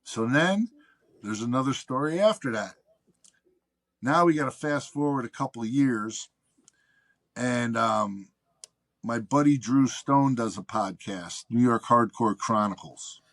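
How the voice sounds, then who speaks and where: With a medium-pitched voice that runs a little slow and pauses often, a man on a podcast relays a long anecdote. It's casual, profane storytelling, complete with impressions of the people in it.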